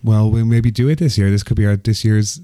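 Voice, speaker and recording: A man's voice: fairly low pitch, fairly even intonation, a little fast, warm tone, no room sound, studio quality. A man co-hosting a podcast, teasing his partner in playful casual banter. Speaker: podcast co-host. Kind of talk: casual chat.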